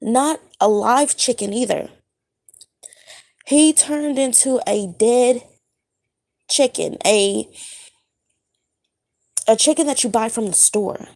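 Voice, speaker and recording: Woman, fresh out of bed, recounting a dream, searching for words, slow, gravelly fry. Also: fairly high pitch, a little mellow. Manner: halting, searching for words, many fillers. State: just woken up. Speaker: spiritual vlogger. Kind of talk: casual monologue recounting a dream.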